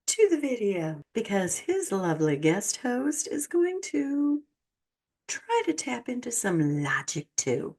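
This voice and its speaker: A woman hosting a reaction commentary, exasperated and sarcastic, swinging between loud outbursts and quiet remarks. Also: a little high, very animated, slow pace. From United States. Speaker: channel host reacting to clips.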